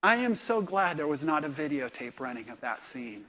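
Pastor, middle-aged man, slightly higher voice; preaches with story-driven swings between soft and loud. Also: big pitch swings, moderate pace. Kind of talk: sermon.

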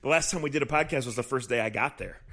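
A man's voice: mid-range voice, fast. A man co-hosting a casual podcast, telling stories from practice and acting out what people said. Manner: animated storyteller who acts out quotes. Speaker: podcast co-host, team reporter. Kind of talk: casual podcast chat, storytelling.

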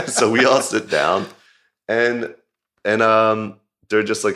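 Male video director, deep voice, loose filler-heavy interview storytelling. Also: slow, long pauses. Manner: animated, laughing retelling. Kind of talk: casual anecdote in an interview.

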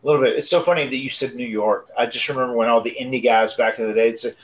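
A man in his forties telling a casual story on a podcast, animated and often repeating words as he restarts sentences. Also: mid-range voice, rapid-fire, rough recording. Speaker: wrestler and podcast co-host.

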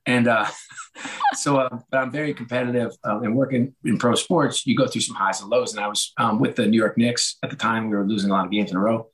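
Middle-aged guy, bit hoarse, chatty storyteller who does everyone's voices, medium pitch. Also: brisk, low-quality recording. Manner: animated, acts out quoted dialogue. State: slightly hoarse. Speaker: guest, author and former sports executive. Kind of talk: casual conversational storytelling.

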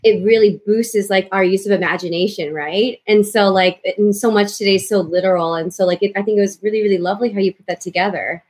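A woman's voice: mid-range voice, fairly even intonation, fast talker, few pauses, a little mellow, breathy edge. Bubbly young woman actor on a call. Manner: bubbly, gushing, filler-heavy. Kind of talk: casual chat. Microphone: video call.

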